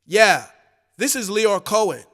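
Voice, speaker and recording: A man voicing a record executive on the phone: calm, businesslike, measured and firmly polite. The voice sits fairly high and moves unhurriedly, with a long reverb trailing behind it. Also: exaggerated voice.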